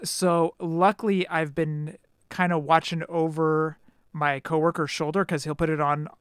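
Laid-back male co-host, smooth and clear, slightly high voice, dry booth sound. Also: flat delivery, measured pace, no echo. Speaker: podcast co-host. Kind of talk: casual chat.

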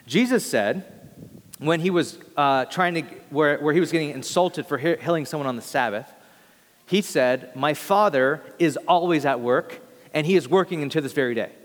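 Delivering a sermon at a moderate pace, a young pastor sounds earnest and conversational, sometimes tripping over a phrase and starting it again. His voice is rather high for a man, and long reverb makes it sound like a large hall.

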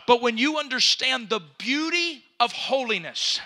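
A pastor preaching with fervor, his voice climbing to shouts and his words repeating as he builds. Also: very high voice, expressive, measured pace, few pauses. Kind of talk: impassioned preaching.

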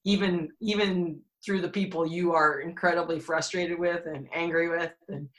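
Bright-voiced woman telling a story. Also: lowish voice, moderate pace, low-quality recording. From Alberta, Canada. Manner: candid and animated, laughing between heavy moments. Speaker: podcast guest. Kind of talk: candid personal storytelling.

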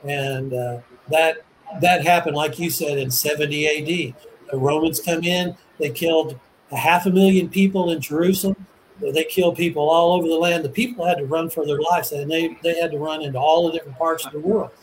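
A man explaining Bible prophecy in a relaxed conversation, earnest and enthusiastic, often restarting and repeating words. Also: a little high, brisk, slight background noise, rough recording. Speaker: Bible teacher. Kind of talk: casual religious discussion.

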